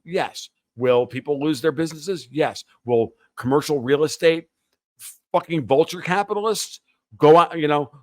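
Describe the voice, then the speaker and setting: A man with a somewhat high voice holds forth as a podcast guest in a heated, opinionated rant. He swears freely and turns sarcastic. The sound is dry and close, with no room echo. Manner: ranting, profane, sarcastic. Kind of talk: heated opinionated interview talk.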